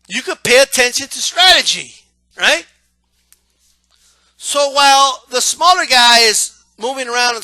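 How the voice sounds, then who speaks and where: A man giving a casual, animated monologue about how he watches boxing, often asking "right?". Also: very high voice, dry recording. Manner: animated, acts out yelling crowd members, repeats "right?". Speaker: boxing commentator.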